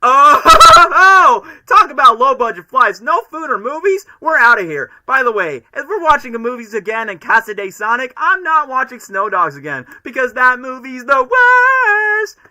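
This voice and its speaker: A brash young hedgehog hero from a movie, done by a man in a voice pushed far above his normal pitch. He shouts his jokes loud and fast with a shrill, cocky energy. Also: a little hiss or hum, exaggerated voice. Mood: excited. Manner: shrill, excited, joking.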